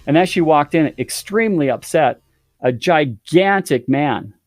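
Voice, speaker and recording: Guesting on a podcast, a man with a rather high, expressive voice recounts a story at a measured pace, hamming it up for dramatic effect. There's no room sound, just faint music in the background.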